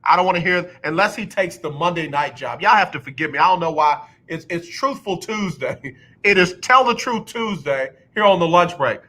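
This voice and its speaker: Broadcasting from a radio studio, this sports talk host has a bright, forceful voice somewhat high for a man, delivered expressively at normal speed. He's blunt and ranting, says things again and again for emphasis, and occasionally slips into a mocking, overblown announcer voice.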